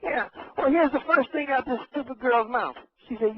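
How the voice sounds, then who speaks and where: High-voiced rambling man on radio. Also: moderate pace, slightly rough, no room sound. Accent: Los Angeles. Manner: rambling, loses his train of thought. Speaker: regular caller. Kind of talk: rambling comic phone-in story. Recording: dull radio broadcast audio.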